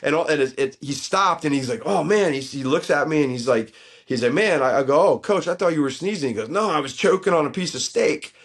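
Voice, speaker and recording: A man's voice: fairly high pitch, brisk. A middle-aged man, a former football head coach, telling stories as a guest in a casual podcast chat. His voice jumps up when he acts out what people said. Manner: animated storyteller, voice jumps up in quoted bits.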